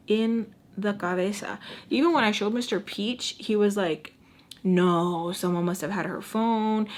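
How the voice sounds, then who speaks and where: A young woman in her twenties casually telling a personal story, acting out her own lines and repeating phrases for emphasis. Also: mid-range voice. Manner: dramatic, acts out her own past lines in quotes. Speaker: storytime vlogger.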